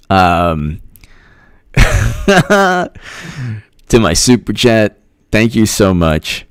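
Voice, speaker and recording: Man, livestream host, joking, slow pace, lively pitch. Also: smooth, no echo. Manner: jokey, laughs at his own jokes, thanks viewers by name. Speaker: political commentator host. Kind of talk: casual livestream commentary.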